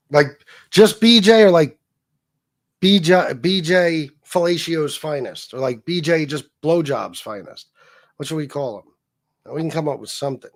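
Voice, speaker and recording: A man's voice: fairly high pitch, unhurried. A man hosting a casual livestream, talking bluntly and with lots of swearing, and reading out viewer messages. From Sicilian heritage. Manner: profane, blunt, reads donor messages aloud. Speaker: livestream host.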